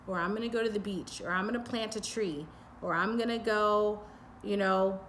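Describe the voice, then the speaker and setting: Woman tarot reader, mid-pitched, meandering and soothing, faint room hum. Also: normal speed, a bit bright. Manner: rambling and intuitive, many "like" fillers and restarts. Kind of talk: pick-a-pile tarot reading.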